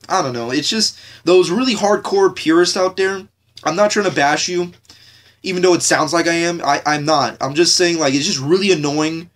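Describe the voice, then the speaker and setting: A man's voice: on the high side, a bit bright. A young man from the United States hosting a podcast, ranting casually with lots of swearing, fillers and restarts. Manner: profane, repetitive, frequent fillers and restarts. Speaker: podcast host.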